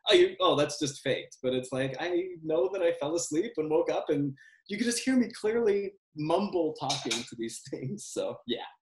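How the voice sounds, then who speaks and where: A man's voice: on the high side, expressive, normal speed, noisy background. A male screenwriter answering interview questions on a video call, rambling and correcting himself as he goes, laughing often. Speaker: screenwriter guest. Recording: roomy echo.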